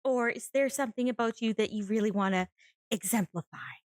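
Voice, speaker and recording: A woman's voice: fairly high pitch, fairly quick, no room sound. A woman playing a tabletop game, speaking earnestly and apologetically with some stammering. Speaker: player. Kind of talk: in-character tabletop play.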